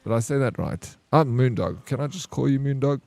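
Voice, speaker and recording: A man's voice: mid-range voice, expressive, fairly quick, creaky, darkish tone, no room sound, faint music behind. A man from South Africa with a South African accent, chatting casually on a live game stream, joking and teasing viewers. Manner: joking, teasing banter, greets and thanks viewers. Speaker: variety streamer. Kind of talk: casual live-stream chat while gaming.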